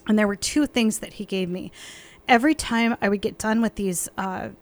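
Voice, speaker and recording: A woman's voice: medium pitch, normal speed. A woman co-hosting a faith podcast, talking in an effusive, emotional way with frequent laughter.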